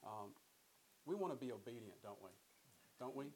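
A man's voice: medium pitch, expressive, normal speed, darkish tone, poor audio. A man teaching a Bible study in a conversational way, often repeating words and putting questions to his listeners. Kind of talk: sermon-style Bible teaching.

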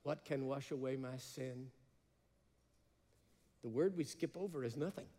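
A male preacher delivering an impassioned sermon, rising to emphatic cries, then dropping to slow, hushed phrases. His mid-pitched voice rings out with the long reverb of a large hall.

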